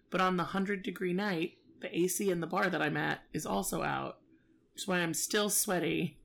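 A woman's voice: fairly low pitch, gravelly, a bit bright. A woman telling a story in casual chat, profane and exasperated, acting out both sides.

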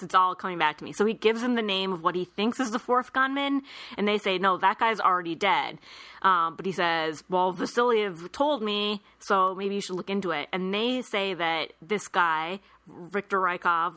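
Brief: woman podcast host, bright and crisp tone, dry close sound, laughs easily while recapping. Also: medium pitch, no echo. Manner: laughs often, retells scenes with quoted lines. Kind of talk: casual chat.

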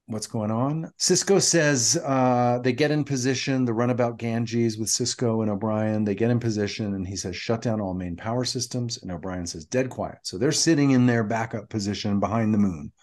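A middle-aged man co-hosting a podcast, recapping an episode in a relaxed, storytelling way with frequent fillers. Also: on the low side, normal speed. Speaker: podcast co-host.

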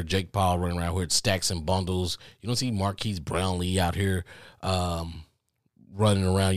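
A man's voice: sits low, no echo, studio quality. A man hosting a podcast, giving emphatic commentary and often repeating himself as he reacts. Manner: emphatic, repeats words when worked up. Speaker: podcast host. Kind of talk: casual commentary.

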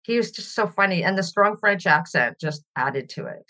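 A woman's voice: medium pitch, lively intonation, moderate pace. A middle-aged woman from Canada, a podcast guest speaking reflectively in a conversational interview. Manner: reflective and warm, laughs while telling stories.

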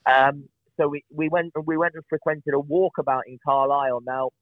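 A man's voice: a little high, steady tone, moderate pace, dry recording. A man, a podcast guest, telling chatty, self-deprecating stories with lots of restarts. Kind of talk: casual storytelling on a podcast. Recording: tinny phone-like line, dry.

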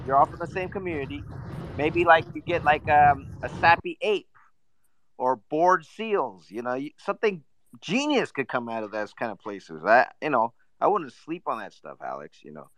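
A man's voice: fairly high pitch, lively intonation, normal speed, fairly bright tone, no echo, rough recording. A man chatting on a live audio stage, teasing and playful.

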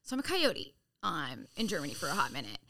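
Profane, bright-voiced woman storyteller. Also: deep voice, quick pace, gravelly. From San Diego, California. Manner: profane, blunt, animated storyteller. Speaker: podcast guest. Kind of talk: casual storytelling.

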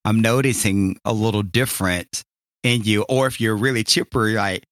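A man's voice: on the low side, moderate pace, a bit bright, no room sound, studio quality. A man co-hosting a faith-based couples podcast, earnest and reflective, quoting scripture. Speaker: podcast co-host.

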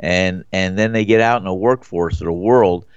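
A blunt, opinionated middle-aged man with a low voice, rambling through his views in casual talk-show banter. The sound is dry and dull, like a lo-fi mic in a dead room. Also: moderate pace, smooth, no echo.

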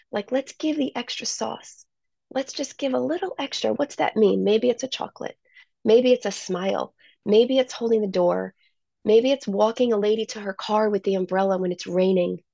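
A woman's voice: medium pitch, brisk, vocal fry, darkish tone, dry recording. A woman who owns a salon, talking as a guest in a casual interview and telling stories with enthusiasm. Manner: enthusiastic storyteller. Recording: slightly muffled dry sound.

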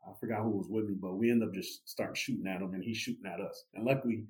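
A young man casually telling a story as a podcast guest, animated and full of fillers like "you know" and "right". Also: on the low side, fast. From United States.

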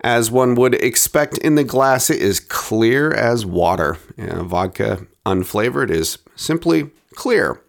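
A man hosting a spirits review podcast, reading his notes in a steady, descriptive way. His pitch moves up and down a lot as he talks. Now and then he drops into soft, low asides. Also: slow pace, gravelly, few pauses. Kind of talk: scripted review narration.

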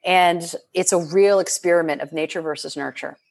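A middle-aged woman coaching and chatting in an expressive, animated way, often restarting her sentences. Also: fairly low pitch, gravelly. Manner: expressive and animated, quick to laugh, frequent restarts. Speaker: transformational leadership coach. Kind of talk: casual podcast conversation.

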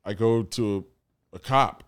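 A man's voice: on the low side, takes it slowly, clear, resonant tone. A young American man telling a story in casual chat, acting out the people he quotes. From United States.

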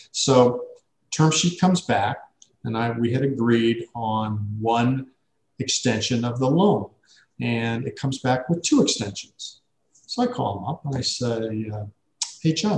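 A man who works as a business coach, telling an anecdote with lively acted-out dialogue. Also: mid-range voice, echoey room, poor audio. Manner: animated anecdote teller, acts out dialogue. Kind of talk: storytelling talk.

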